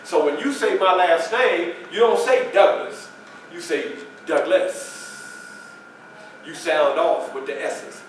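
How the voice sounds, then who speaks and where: A man's voice: high voice, animated, unhurried, a little hiss or hum. A man performing a first-person historical portrayal, telling his story in a folksy, conversational way at a library event. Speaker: historical reenactor. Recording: echoey room, mic far off.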